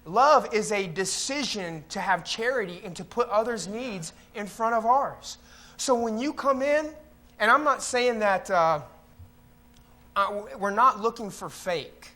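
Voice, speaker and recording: A man's voice: high-pitched, animated, a little slow, bright, forceful tone. A man preaching a conversational sermon as pastor in a church, now and then mocking the voices of complainers. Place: church sanctuary.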